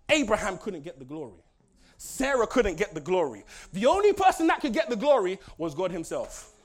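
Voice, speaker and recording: This male pastor's voice is extremely high. His sermon is lively, full of laughter, and shifts from shouted lines to soft asides.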